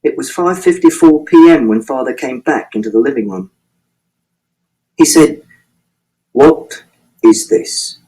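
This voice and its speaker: A man's voice: medium pitch, expressive, normal speed, long pauses, mellow, rough recording. A man reading a first-person audiobook in a precise, literal, matter-of-fact way. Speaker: audiobook narrator.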